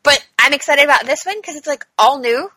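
Chatty high bright-voiced woman. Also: brisk, no room sound, poor audio. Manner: chatty, many "like" and "um" fillers. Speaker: podcast co-host. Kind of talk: casual chat.

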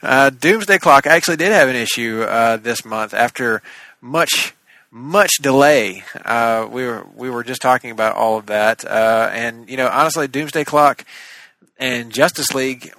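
A man co-hosts a casual podcast about comics, talking in long, animated, rambling runs with plenty of fillers. His voice is bright and forward, and the sound is close and dry, with no room around it. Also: medium pitch, normal speed, no room sound, rough recording. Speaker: podcast co-host.

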